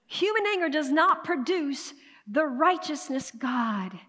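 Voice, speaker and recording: A woman pastor preaching a sermon in a high, bright voice that rings with the long reverb of a church sanctuary. She calls out to the congregation for answers and moves between quiet, close asides and loud, emphatic bursts. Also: very animated, slow.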